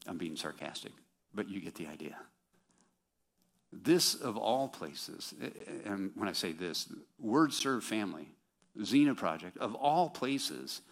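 A man's voice: fairly low pitch, lively intonation, a little slow. A man preaching a sermon in a conversational, self-deprecating way, with sarcastic mock quotes.

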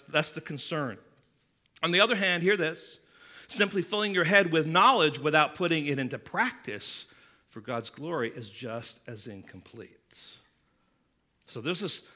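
A man preaching a sermon, animated, acting out the disciples' voices as he reads the passage. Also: a little high. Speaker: pastor.

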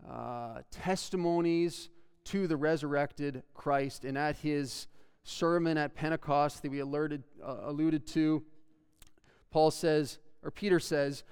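A man's voice: fairly high pitch, fairly even intonation, takes it slowly, darkish tone, smooth. A male pastor preaching a sermon, earnestly reading scripture aloud and building emphasis as he explains it. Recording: long hall reverb.

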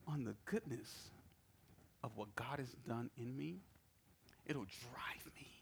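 A man's voice: on the high side, creaky, a little hiss or hum. A male pastor preaching a sermon, telling personal stories in a conversational way and often asking "right?". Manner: animated storytelling with personal anecdotes; conversational, repeats words and asks "right?".

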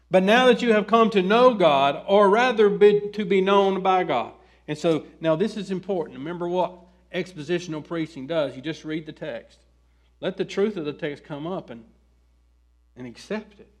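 A male pastor with a slightly high voice delivers an expository sermon, reading scripture aloud and putting questions to his listeners. He swings between quiet asides and loud, emphatic pleading.

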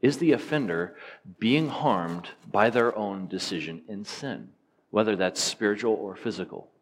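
A man's voice: lowish voice, unhurried, slightly rough. A man preaching a sermon, teaching in an earnest, emphatic way and asking rhetorical questions.

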